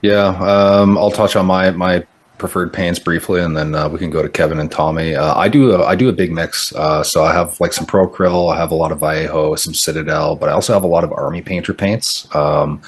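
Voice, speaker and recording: A man hosting a casual podcast chat, relaxed and candid, passing the turn to others. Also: sits low, brisk, slightly rough. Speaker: podcast host.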